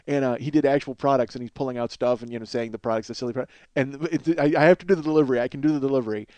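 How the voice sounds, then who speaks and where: A man's voice: mid-range voice, rapid-fire, a little mellow, no room sound. A man in his forties hosting a comedy podcast, rambling through absurd running bits and laughing at his own jokes. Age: 40s.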